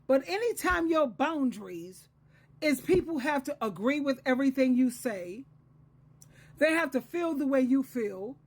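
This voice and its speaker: A woman's voice: high-pitched, lively intonation, a little slow, a little mellow. A woman in her sixties, an advice coach and Christian counselor, giving a solo advice talk in an earnest, lecturing way and repeating phrases for emphasis. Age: 60s.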